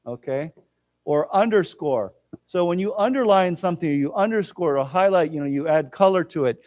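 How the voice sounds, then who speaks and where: Teaching English vocabulary in a library lecture room, a man slowly explains each word and leads the class in saying it back. His pitch is fairly high, and there's no room sound.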